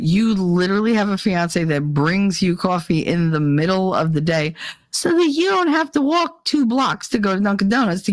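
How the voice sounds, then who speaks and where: A woman's voice: medium pitch, no room sound. A woman hosting a casual podcast, ranting bluntly and swearing freely with exasperation. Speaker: podcast host. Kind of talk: casual rant.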